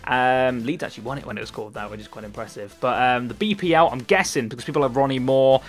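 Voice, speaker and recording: Fast-talking young Cornish man. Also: medium pitch, faint music behind. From Cornwall, England. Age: 20s. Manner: chatty and rambling, with frequent ums and repeated words. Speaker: gaming YouTuber. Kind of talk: casual gameplay commentary.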